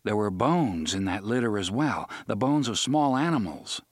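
A man reading an audiobook in a dramatic way, slowing down to stress the grim details. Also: lowish voice, lively intonation, no echo, studio quality. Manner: dramatic, with slowed emphasis on dark details. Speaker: audiobook narrator. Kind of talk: scripted audiobook narration.

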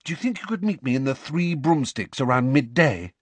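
A man voicing a clever, bossy teenage schoolgirl in an audiobook, with a sharp, urgent and exasperated way of talking. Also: medium pitch, lively intonation, brisk, slightly rough, dry recording, pitched above the performer's own voice.

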